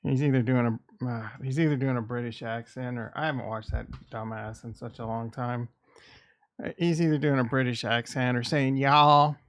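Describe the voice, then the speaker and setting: A man's voice: medium pitch, fairly even intonation, moderate pace, fairly bright tone. A man from the American Midwest, casually streaming about markets, rambling and irreverent as he thinks aloud. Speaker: crypto and stock market streamer. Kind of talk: casual livestream chat.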